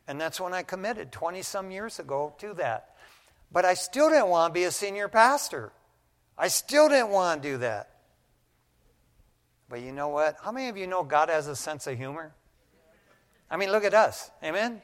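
A man's voice: high voice, normal speed, pauses often. Folksy man preaching in reverberant church. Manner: folksy, animated storytelling preacher, says "man" often. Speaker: pastor. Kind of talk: conversational sermon. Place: church sanctuary. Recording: long reverb of a large church hall.

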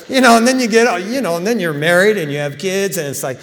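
Animated man preaching in an echoing hall. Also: high-pitched, fast, a little hiss or hum. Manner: casual, animated storytelling with acted-out quotes. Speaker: pastor. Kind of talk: sermon.

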